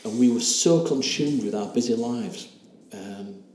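A man in his sixties tells a deeply personal story, halting and earnest, slipping into quoted dialogue. His voice is mellow and dark, and it rings in a roomy space over a faint hiss. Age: 60s. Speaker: interview guest.

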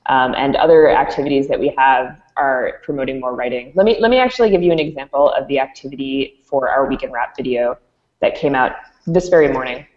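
A woman with a low voice walks through a product demo, explaining at an easy clip with plenty of ums. The sound is dull and boomy, as if from a reverberant room over a muffled line. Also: brisk. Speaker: educational company presenter. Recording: dull, echoey room audio.

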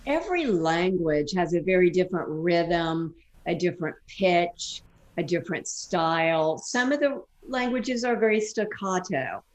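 A woman's voice: fairly low pitch, lively intonation, unhurried, low-quality recording. A woman guest who works as a voice coach, explaining vocal technique in an interview and demonstrating exercises. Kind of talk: interview answers.

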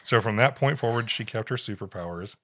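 Bright-voiced man telling a story. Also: on the low side, a little fast. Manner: wry, reads quotes aloud with put-on voices. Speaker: podcast co-host. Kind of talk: casual storytelling chat.

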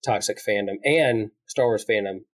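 A man in his forties chatting on a podcast as co-host, easygoing and reflective. He tells his stories at length and lets his voice sink to a quiet murmur as each thought winds down. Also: lowish voice, normal speed. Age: 40s. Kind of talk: casual chat.

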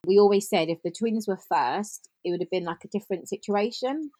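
A woman, telling her story as a podcast guest in an animated way, acting out bits of dialogue. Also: mid-range voice, a little fast, dry recording. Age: 40s. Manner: animated, laughs often, reenacts dialogue. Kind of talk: casual storytelling.

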